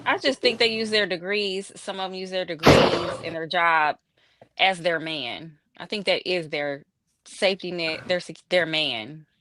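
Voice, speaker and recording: Woman panelist, lowish voice, laid-back and rambling, remote call with steady background noise. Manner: relaxed, drawn-out opinions with filler "like". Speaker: podcast panelist. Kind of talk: casual panel chat.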